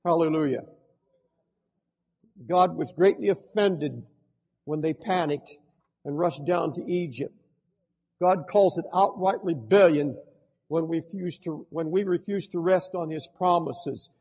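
A man's voice: fairly high pitch, measured pace, long pauses, darkish tone, breathy edge. An older man preaching a fervent sermon as pastor, speaking directly to his congregation. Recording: long hall reverb.

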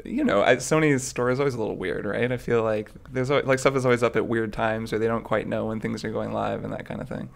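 Male podcast co-host, playful casual chat, gravelly texture. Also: lowish voice, fairly even intonation, fast talker, few pauses. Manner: playful, joking.

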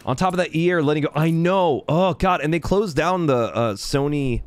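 A man's voice: fairly high pitch, a little fast. A young man chatting casually on a live game stream, thanking viewers by name and laughing often.

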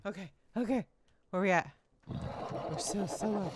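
A woman giving excitable gameplay commentary, narrating her own moves aloud to her viewers. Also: mid-range voice, a little slow, a little hiss or hum. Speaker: gaming video creator.

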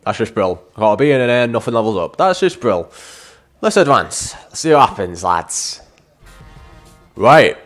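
A man giving chatty let's-play game commentary, addressing viewers as lads and breaking into frustrated shouts at the game. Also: fairly low pitch, lively intonation, moderate pace, faint music behind. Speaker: gaming YouTuber.

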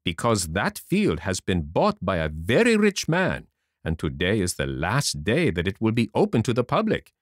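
Flattering con-artist fox in a storybook, a man doing him, slick and persuasive, pitch rising and falling. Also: moderate pace, no room sound, studio quality. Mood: sly. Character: sly smooth-talking fox, a flattering swindler.

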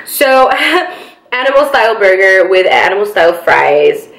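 A young woman hosting a mukbang eating show, chatting casually in a bubbly, giggly and loud way. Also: mid-range voice, sing-song, measured pace. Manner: bubbly, giggly, talks loudly. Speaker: mukbang host. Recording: echoey room.

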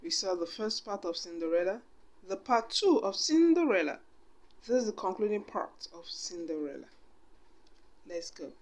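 A woman's voice: medium pitch, sing-song, normal speed, darkish tone. A woman reading a storybook aloud expressively, with chatty asides to her listeners.

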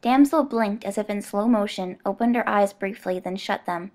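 Scripted narration for an audiobook comes from a woman with a mid-range voice, who tells the story in a measured, level manner.

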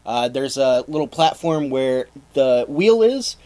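A man hosting a comedy history podcast, explaining the story in a relaxed, dry-humored way. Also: medium pitch, a little slow. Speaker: podcast host telling the story. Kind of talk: casual storytelling chat.

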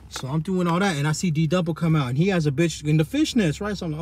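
A husky man rambles through a casual story. His voice sits a bit high for a man, and he packs it with slang, restarts and constant check-ins with the listener. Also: quick pace, darkish tone. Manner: loose, rambling, slang-heavy, many restarts and tag questions.

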